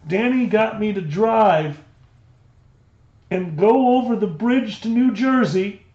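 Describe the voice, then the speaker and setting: A man co-hosting a livestream, telling stories in an animated, casual way. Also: sits high, takes it slowly, reverberant, muffled recording. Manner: animated storytelling. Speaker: livestream co-host. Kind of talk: casual chat. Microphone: desk microphone.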